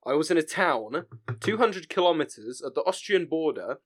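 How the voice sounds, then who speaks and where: A man's voice: a little high, expressive, moderate pace. A young man hosting a casual podcast, brash and full of swearing as he tells stories. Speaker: podcast host. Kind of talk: casual chat.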